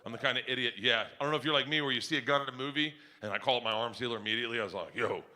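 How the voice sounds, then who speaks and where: A middle-aged man doing stand-up storytelling, animated, jumping between high excited yelps and low gruff impressions. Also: rapid-fire, long reverb tail. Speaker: stand-up comedian. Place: comedy club stage. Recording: live club with audience noise.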